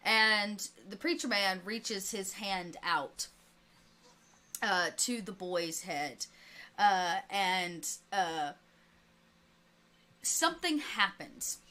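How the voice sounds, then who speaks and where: A woman's voice: medium pitch, expressive, sharp tone. Chatty woman game master narrating. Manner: chatty, with many fillers and restarts, quick asides.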